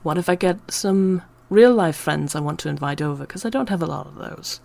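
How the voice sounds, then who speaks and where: A woman's voice: on the low side, a little fast, vocal fry, darkish tone. A woman talking in an unscripted personal ramble, emotional and close to tears, sometimes dropping to a whisper. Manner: emotional, on the verge of tears, drops to whispers at times. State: teary. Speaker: channel host.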